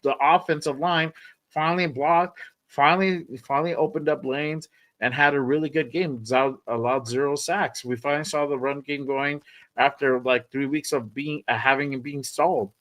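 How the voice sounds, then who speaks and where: A man's voice: a little high, fairly even intonation, moderate pace, a bit bright. A man hosting a sports podcast, talking in a loose, rambling way, swearing and repeating himself. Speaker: podcast host. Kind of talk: casual sports podcast chat.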